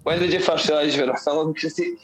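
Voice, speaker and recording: A man's voice: on the high side, huge pitch swings, quick pace, fairly bright tone, rough recording. A man co-hosting a casual podcast, throwing in questions and quips and laughing a lot. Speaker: podcast co-host.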